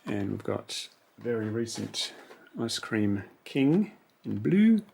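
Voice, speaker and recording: Aussie guy unboxing toy cars, slow and gravelly, bit of hiss behind. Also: on the low side, sing-song, darkish tone. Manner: musing, talks to himself while sorting. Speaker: toy car collector. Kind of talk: relaxed unboxing commentary.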